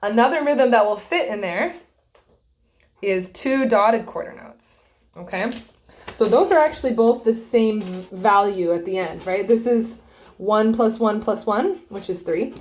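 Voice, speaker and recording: A young woman teaches a string player, going through rhythms and bowing step by step. She is patient and stops often to check in with a quick "okay?", and her voice sits at an ordinary middle pitch. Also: expressive, a little mellow. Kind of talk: explaining rhythm and bowing to a student.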